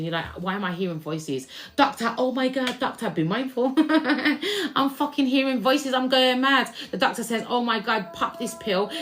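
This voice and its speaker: A young woman giving a spiritual card reading to viewers, chatty and slangy, swinging between loud bursts and hushed asides. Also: medium pitch. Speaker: tarot reader.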